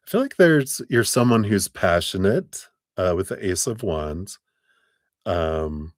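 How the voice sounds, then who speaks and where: Deep-voiced man reading tarot live. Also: lively intonation, takes it slowly, no room sound, clean studio sound. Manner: chatty, laughs often, acts out voices in quotes. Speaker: tarot reader.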